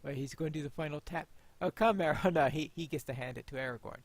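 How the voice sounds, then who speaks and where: A man's voice: fairly high pitch, quick pace, hardly any pauses, no room sound. A man casually commenting on his gameplay, chatty and wry, thinking aloud. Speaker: gameplay host.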